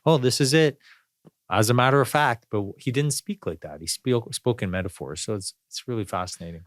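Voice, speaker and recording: A man's voice: on the low side, expressive, fairly quick, a bit bright, no room sound, studio quality. A man hosting a podcast, talking in a rambling, reflective way with lots of fillers and restarts. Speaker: podcast host. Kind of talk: casual spiritual conversation.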